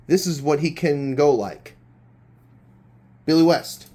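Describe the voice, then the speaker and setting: A man's voice: a little high, takes it slowly, pauses often, darkish tone. A man hosting a homemade quiz show role-play, reading clues with hesitant hums and restarts. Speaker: game show host.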